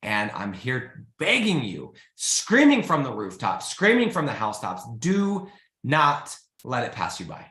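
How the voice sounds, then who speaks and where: A man with a medium-pitched voice and a measured pace hosts a live business show in an echoey room. His motivational live-stream talk is casual, energetic and pleading, urging listeners to get started while he keeps saying "guys" and "freaking."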